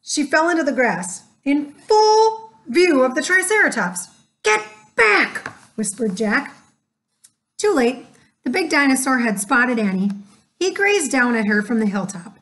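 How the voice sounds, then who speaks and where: A woman narrating a children's chapter book aloud in a gentle, measured way. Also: high voice, very animated. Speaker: storyteller. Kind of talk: scripted storybook narration.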